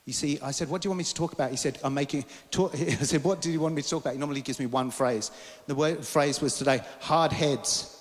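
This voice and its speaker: A man's voice: on the high side, fast talker. Fervent preacher man in a reverberant hall. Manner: fervent, reads scripture aloud, rising to loud emphatic passages. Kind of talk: sermon.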